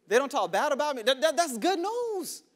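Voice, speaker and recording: A man pastor preaching a sermon, dropping to hushed whispers and rising to shouts, repeating words for emphasis. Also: very high voice, sing-song, moderate pace. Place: church sanctuary.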